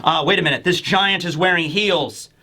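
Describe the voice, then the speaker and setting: A man giving a casual, rambling review of a manga chapter, excited and full of fillers. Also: sits high, moderate pace.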